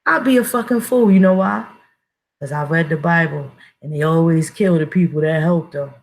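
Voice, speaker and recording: A woman's voice: deep voice, moderate pace, gravelly, low-quality recording. A woman giving a blunt, profane casual monologue as an online commentator, emphatic and full of restarts.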